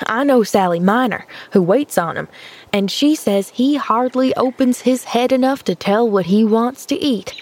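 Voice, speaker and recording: A woman's voice: on the high side, normal speed, a little mellow, natural voice. A woman reading an audiobook, voicing a plain-spoken, gossipy country housemaid who exclaims readily.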